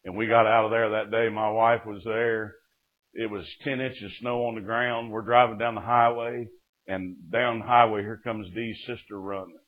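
A man's voice: on the low side, level tone, normal speed. A middle-aged man, preaching and telling his testimony with fervor, often breaking in with "Amen". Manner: fervent storytelling, punctuated with "Amen". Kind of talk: sermon testimony. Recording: tinny lo-fi phone-like sound.

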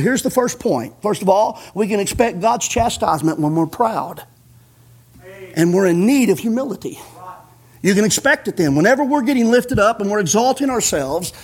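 A man preaching a folksy sermon in a very high, husky voice. He chuckles along, peppers his lines with "amen," and builds to fervent shouts. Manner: punctuates with "amen".

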